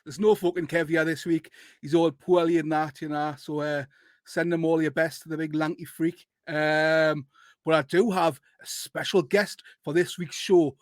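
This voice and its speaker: A man's voice: fairly high pitch, little pitch movement, normal speed, dry recording, clean studio sound. A man hosting a casual football podcast, bantering and swearing freely. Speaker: podcast host.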